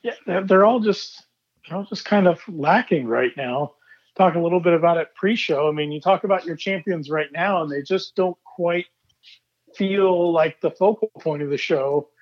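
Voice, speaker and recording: A man's voice: a little high, normal speed. Easygoing man on a dull mic. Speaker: podcast co-host. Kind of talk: casual wrestling chat.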